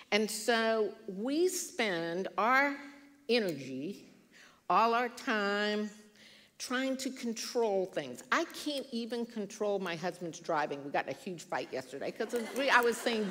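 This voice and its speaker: Woman in her 60s, devotional speaker, bright tone, reverberant hall. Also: a little high, a little slow. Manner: earnest, storytelling, animated quoted voices. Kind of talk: devotional talk with personal story. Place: church hall. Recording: church hall with long reverb.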